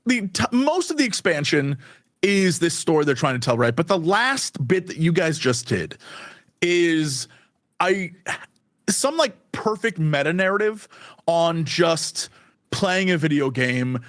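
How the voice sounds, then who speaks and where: A man guesting on a podcast, chatting in an animated, excitable way and laughing often. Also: on the high side, a little slow, dry recording, studio quality. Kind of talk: casual podcast chat.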